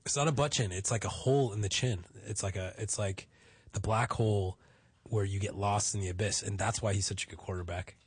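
Husky, blunt man in loose banter. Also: fairly low pitch, fairly quick, no echo. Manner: blunt, animated, swearing. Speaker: podcast co-host. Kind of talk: crude casual banter.

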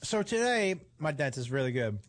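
High, lively storytelling man. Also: fairly quick. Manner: animated storyteller, swears freely, laughs a lot. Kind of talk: casual chat.

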